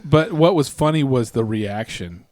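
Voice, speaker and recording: A man's voice: mid-range voice, expressive, measured pace, a little mellow, dry recording, studio quality. A man co-hosting a podcast, ranting casually with lots of restarts and fillers. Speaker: podcast co-host. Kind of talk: casual rant.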